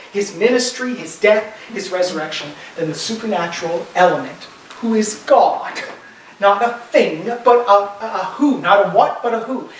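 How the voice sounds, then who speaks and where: Emphatic pastor preaching in an echoey church. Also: male voice, sits high, far from the mic, slight background noise. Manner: emphatic, swings from loud urging to soft. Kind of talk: sermon. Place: church sanctuary.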